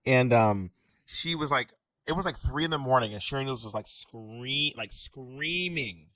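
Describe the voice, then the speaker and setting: A man co-hosting a casual chat show, telling gossipy stories in an animated way. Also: mid-range voice, normal speed, no room sound. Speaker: podcast co-host.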